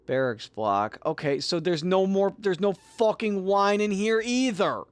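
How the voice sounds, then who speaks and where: A man's voice: sits high, measured pace, clean tone, no echo. A man telling a story casually on a live game stream, exasperated and profane, muttering to himself as he plays. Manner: profane, exasperated, animated retelling.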